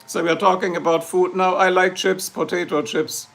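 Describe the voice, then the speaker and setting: A livestream host from Germany, speaking with a German accent, answers viewers' comments in a loose, joking, rambling style. He talks at normal speed in a high, slightly bright voice with a flat delivery and some vocal fry.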